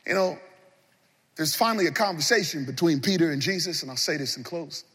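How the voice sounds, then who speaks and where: A man with a high, husky voice delivers a sermon from the pulpit of a big church. His preaching swings between loud, passionate appeals and quiet, hushed stretches. The sound carries a long, ringing church-hall reverb. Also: expressive, a little fast. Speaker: pastor. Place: large church.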